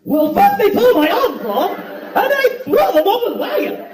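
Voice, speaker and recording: Comedian playing a shrill wailing scarecrow, high and swooping, whiny sing-song, echoey hall, crowd laughter. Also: male voice, huge pitch swings, measured pace, exaggerated voice. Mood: overwrought. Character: distraught scarecrow man, wailing over the top. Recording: echoey hall, distant mic, audience laughter.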